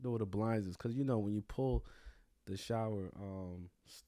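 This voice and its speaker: A young male podcast host with a fairly low voice tells a crude comedic story at a moderate pace, full of swearing and bragging. His delivery is animated and profane, and the studio-quality recording has no room sound.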